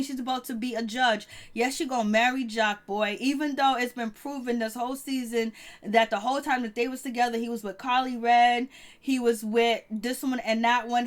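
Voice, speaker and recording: A woman with a fairly high voice recaps reality TV gossip in a loose, chatty way. She laughs often and trails off mid-thought before picking the thread back up.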